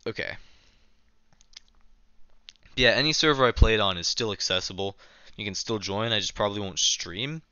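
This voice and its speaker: A man's voice: on the low side, bright, forceful tone, clean tone, no echo, lo-fi sound. Chatty young man streaming a game. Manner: chatty, reads chat aloud, self-mocking. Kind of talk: casual live game stream.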